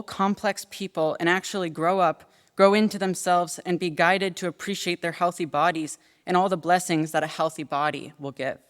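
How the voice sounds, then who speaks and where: A woman's voice: on the low side, fairly bright tone. Earnest young woman testifying in a hall. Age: 20s. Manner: earnest and measured, with hesitant fillers when answering. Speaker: witness testifying at a hearing. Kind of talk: formal testimony, then answering questions. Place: legislative hearing room. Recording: long reverb of a hearing room.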